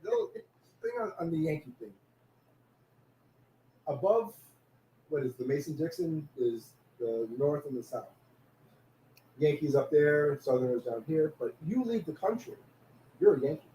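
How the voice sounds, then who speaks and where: A man with a New York accent tells stories in a relaxed, mellow voice. The room is echoey and a faint hiss sits under him. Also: a little high, unhurried, pauses often. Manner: storytelling, animated anecdotes. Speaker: podcast co-host. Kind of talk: casual chat.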